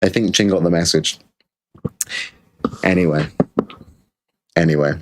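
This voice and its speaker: A man's voice: low voice, steady tone, measured pace. A British man hosting a livestream, talking in a crude, sarcastic, ranting way. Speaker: streamer host. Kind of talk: livestream rant.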